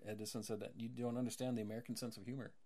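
A woman's voice: extremely low pitch, level tone, racing, mellow, slight background noise. A woman co-hosting a casual podcast chat, matter-of-fact with dry jokes. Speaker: podcast co-host.

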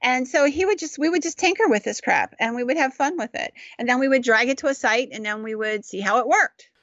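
A woman co-hosting a podcast, chatting casually and telling animated stories about paranormal investigations. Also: fairly quick, dry recording, dull audio. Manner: animated, acts out quotes in high voices. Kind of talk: casual chat, storytelling.

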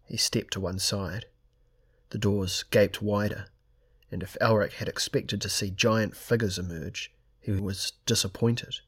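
A man reading a fantasy novel aloud as audiobook narrator, measured and steady. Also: low voice, breathy edge, no echo, studio quality. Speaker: audiobook reader. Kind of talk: scripted narration.

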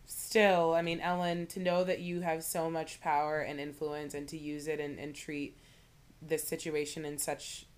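A woman's voice: low voice, level tone, normal speed, clean tone. A woman co-hosting a podcast in a casual chat, leaning heavily on "like" as she talks. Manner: chatty, leans heavily on "like". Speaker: podcast co-host.

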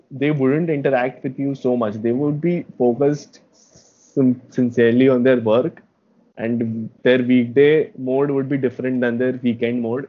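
A young man from India co-hosting a podcast, telling his stories in a relaxed, reflective casual chat. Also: medium pitch. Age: young adult. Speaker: podcast co-host. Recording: dull lo-fi sound.

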